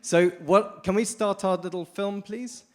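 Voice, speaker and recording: A man from the United Kingdom giving a lively, informal conference talk, often addressing the audience directly. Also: high-pitched, unhurried. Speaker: conference speaker. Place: conference hall.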